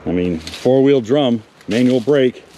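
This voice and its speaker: Slow-talking man touring a junkyard. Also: medium pitch, lively intonation, warm tone, a little hiss or hum. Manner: chatty, talks to viewers and cars. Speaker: car magazine presenter. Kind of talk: casual walkaround commentary. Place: outdoors in a wooded salvage yard.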